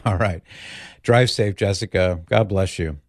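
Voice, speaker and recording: Low-voiced man hosting a call-in radio show. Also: unhurried, no room sound, studio quality. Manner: gentle, chatty, leads prayer.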